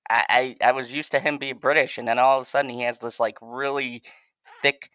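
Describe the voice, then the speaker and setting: A man's voice: medium pitch, steady tone, brisk, pushed and bright, no room sound. A man co-hosting a casual review chat, rambling, swearing freely and laughing a lot. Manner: profane, rambling, laughs often. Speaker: podcast co-host reviewing shows. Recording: dry, dull lo-fi sound.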